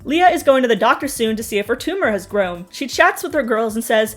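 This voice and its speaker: A woman's voice: a little high, expressive, brisk, soft background music. A young woman giving snarky, sarcastic recap commentary on a reality show, with mocking asides. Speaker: TV recap host.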